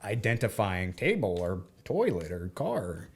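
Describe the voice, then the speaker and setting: Animated man telling a story. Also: deep voice, measured pace, slight background noise. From United States. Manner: animated, acts out dialogue. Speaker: podcast co-host. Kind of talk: casual storytelling chat.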